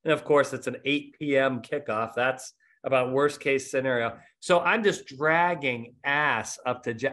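Man, middle-aged, podcast host, casual chat, rambling storyteller, fairly high voice. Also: fairly bright tone. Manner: rambling storyteller, self-mocking.

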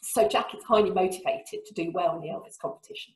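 Woman reading her novel, echoey room. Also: fast talker. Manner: lively reading, voicing shouted lines with big pitch jumps. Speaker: author giving a reading. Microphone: video call.

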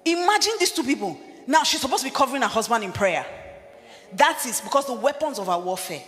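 Animated woman preaching in a hall. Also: a little high, fast. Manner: animated, conversational preaching with asides to the congregation. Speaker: pastor. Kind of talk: sermon. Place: large church hall. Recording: long hall reverb with faint music.

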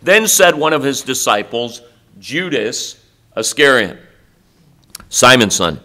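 A middle-aged male pastor preaching a sermon in a college chapel, animated, swinging between loud and soft with mocking asides. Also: mid-range voice, takes it slowly.

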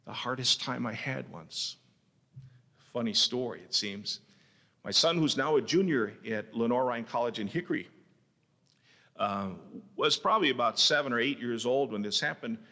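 A middle-aged male pastor preaching with a bright, forceful voice. He tells his stories with passion, rising to loud cries and dropping to hushed near-whispers. The sound is an old cassette recording with long chapel reverb. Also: mid-range voice, animated, normal speed. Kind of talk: sermon. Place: college chapel.

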